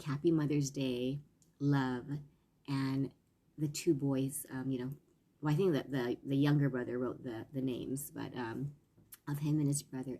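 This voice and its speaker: Parenting coach, woman, low voice, earnest and rambling live-stream talk. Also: warm tone. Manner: meandering, earnest, many fillers and restarts.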